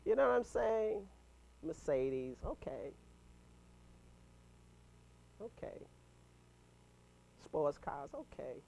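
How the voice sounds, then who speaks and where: A man in his fifties giving an animated, punchy motivational talk to a mastermind group, chuckling between points. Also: on the high side, drawn-out words, vocal fry, pauses often, muffled recording. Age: 50s.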